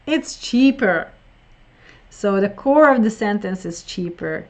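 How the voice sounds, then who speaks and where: A woman teaching an online English listening lesson, slow and explanatory, often repeating words for emphasis. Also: medium pitch, a little mellow.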